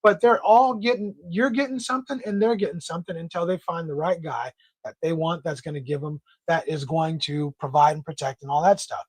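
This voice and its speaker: A man hosting a casual livestream discussion, talking in a blunt, slangy, animated way. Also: on the high side, fairly quick, breathy edge, dry recording. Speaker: livestream host.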